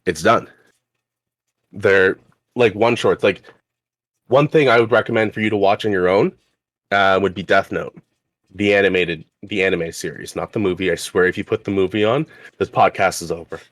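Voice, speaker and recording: A young man from Canada co-hosts a loose podcast chat, talking in a somewhat low voice. He rambles through his points and laughs often, and the sound is dry and close. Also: steady tone, normal speed, pauses often, a bit bright, no echo. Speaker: podcast co-host.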